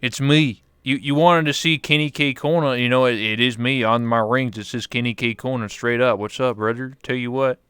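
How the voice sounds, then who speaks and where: A man voicing a loud, boisterous hillbilly man with a put-on Southern drawl who keeps calling everyone brother. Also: mid-range voice, fairly even intonation, normal speed, few pauses, clean tone, dry recording, clean studio sound, natural voice. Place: VR chat room.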